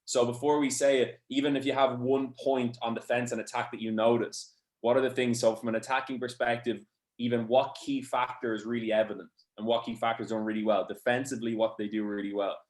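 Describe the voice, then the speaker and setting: A man's voice: medium pitch, flat delivery, a little fast, reverberant. A man hosting a rugby coaching webinar, steadily explaining attack and defense over match clips. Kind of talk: webinar analysis.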